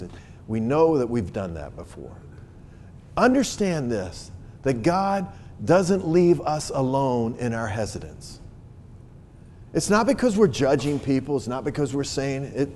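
A man's voice: mid-range voice, darkish tone, a little hiss or hum. A man preaching a sermon as pastor, earnest and emphatic, often restarting and repeating words as he builds to his points.

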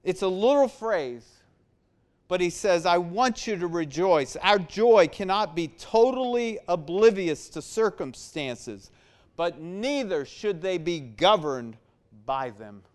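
Slow, emphatic preacher man, clear voice. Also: high voice, expressive. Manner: emphatic, swinging from loud to quiet. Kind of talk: sermon.

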